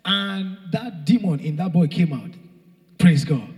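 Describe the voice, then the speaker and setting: A young man preaching a rousing sermon, shouting and half-singing phrases and calling out to the congregation. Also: high-pitched, lively intonation, measured pace. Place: church hall. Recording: long hall reverb.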